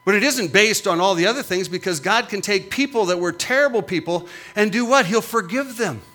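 A man's voice: high-pitched, lively intonation, a little fast, bright, forceful tone. A middle-aged man preaching as a pastor, with emphatic, punchy repetitions that rise and fall. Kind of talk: sermon.

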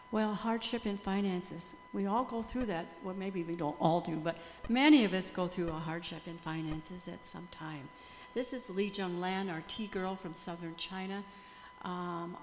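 An older woman speaking as a missionary to a church gathering, telling stories with laughter and frequent praise. Her voice carries through a roomy hall with a long reverb. A faint hum sits underneath. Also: medium pitch. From USA or Canada. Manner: animated, laughing storyteller, praising God often. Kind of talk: testimony talk to a church group.

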